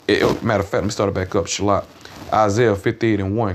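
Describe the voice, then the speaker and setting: Blunt and profane, this street preacher works informally through scripture, reading verses slowly and emphatically. His pitch is fairly low, he keeps adding "man" and "you know what I'm saying," and there's slight background noise.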